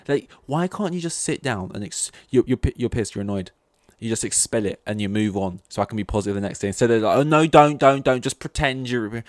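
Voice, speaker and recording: A man's voice: medium pitch, no room sound, clean studio sound. A young man hosting a solo podcast, ranting in a rambling, exasperated way and swearing often. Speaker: podcast host.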